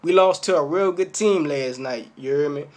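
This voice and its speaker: A man's voice: fairly high pitch, normal speed. Fired-up New man ranting. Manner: animated, keeps asking "you hear me?". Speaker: sports fan vlogger. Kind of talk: casual fan rant to camera.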